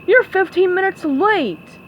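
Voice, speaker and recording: A blustery old crab boss, as a woman voices him in a storybook reading. He barks his lines loudly, in a voice only a little deeper than her own. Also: big pitch swings, measured pace, dull audio, slight background noise. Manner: loud, blustery exclamations. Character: gruff loud older crab boss, money-minded.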